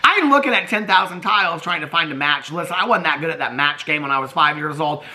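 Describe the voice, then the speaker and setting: A fifty-something man riffs on reality TV in a bright, forceful voice that swings widely up and down. He is sassy and swears freely, and he slips into little voices for the people he quotes. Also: a little high, animated, quick pace. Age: 50s. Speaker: TV reaction vlogger. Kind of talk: casual reality TV commentary.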